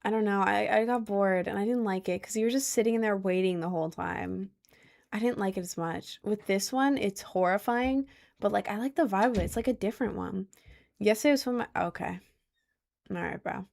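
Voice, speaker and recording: Young woman streamer, casual and slangy, mid-pitched voice, chatting from a chair at home. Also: brisk, creaky, a little mellow. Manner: chatty, slangy, answers chat with "bro". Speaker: livestreamer reading chat. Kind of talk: casual livestream chat. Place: indoors at home, seated in a chair.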